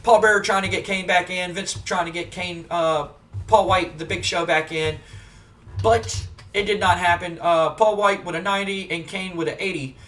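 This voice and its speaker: A man giving relaxed, chatty play-by-play of a wrestling simulation game as the host. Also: high-pitched, normal speed, recorded from a distance. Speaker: gaming video host. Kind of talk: casual play-by-play commentary of a wrestling sim.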